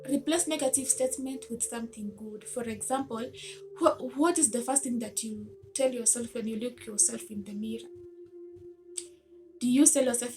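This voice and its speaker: A woman speaks straight to the listener in a motivational self-help talk. Her voice sits a little high, and she sounds earnest and coaxing as she presses gentle rhetorical questions. Soft music plays faintly underneath. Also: normal speed.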